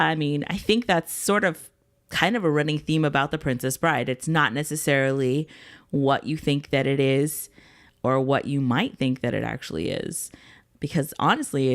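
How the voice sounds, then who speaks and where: A co-host with a gravelly, creaky voice at a middle pitch, in casual podcast chat. The voice asks questions and gently teases the other host.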